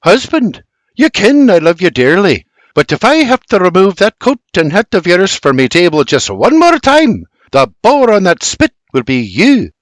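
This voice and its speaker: A man's voice: high-pitched, sing-song, moderate pace, no echo, pitched above the performer's own voice. A man putting on a bossy farm wife. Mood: scolding. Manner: scolding, bossy. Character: stern old colonial farm wife.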